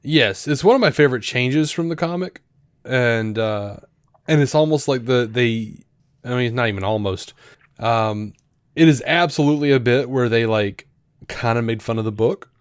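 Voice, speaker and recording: A podcast co-host with an average male pitch and a smooth voice chats casually at a moderate pace, recorded close and dry. He rambles, full of fillers and restarts, and slips into animated acted-out quotes when retelling scenes.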